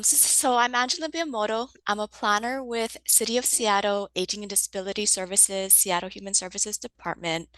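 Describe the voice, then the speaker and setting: A woman who works as a city planner, giving a measured, formal update during an online session. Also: medium pitch, fairly bright tone, dry recording, low-quality recording. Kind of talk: prepared presentation. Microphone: video call.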